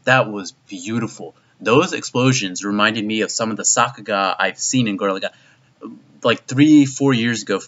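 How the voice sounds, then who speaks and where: Man, lowish voice, forceful, rambling anime review, swears a lot, dull lo-fi sound. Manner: rambling and profane, heavy use of "like"; excitable, voice jumps up in disbelief. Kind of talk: casual video review. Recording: dull lo-fi recording.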